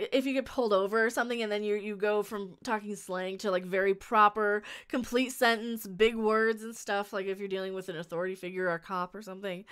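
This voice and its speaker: A woman's voice: mid-range voice, a bit bright, clean tone. A woman chatting casually on a live stream, reading viewer comments and giving blunt opinions, rambling with frequent restarts and laughs.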